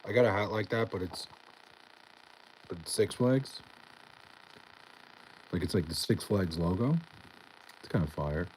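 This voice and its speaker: A young man casually reading out and answering chat on a live stream, laid-back and profane with a deadpan tone. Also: low-pitched, unhurried, long pauses, a little hiss or hum, rough recording.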